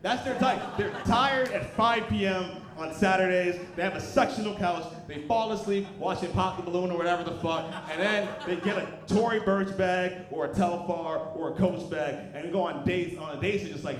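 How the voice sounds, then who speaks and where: Man in his thirties, stand-up comedian, high voice, animated punchlines, live club crowd. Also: moderate pace, hardly any pauses, reverberant. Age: 30s. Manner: animated, profane, loud punchlines. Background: audience laughter.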